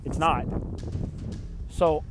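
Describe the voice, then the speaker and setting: A young man with a notably high voice rants through a casual storytime, exasperated and rambling, with swearing and plenty of "like." Faint music plays softly behind him. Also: steady tone, extremely slow. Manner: rambling, frustrated, swears often, heavy use of "like".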